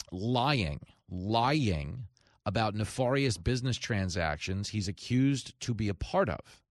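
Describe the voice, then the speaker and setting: A man hosting a talk radio show, his voice sitting low. He delivers an emphatic, sarcastic monologue and mocks his targets. The studio sound is close and dry. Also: dry recording.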